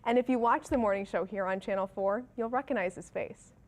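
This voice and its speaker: A woman's voice: medium pitch, fairly quick. A woman from New Orleans anchoring a morning TV newscast, reading local stories and chatting playfully with her co-anchor. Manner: bright, chatty, teasing. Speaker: TV news anchor. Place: TV news studio.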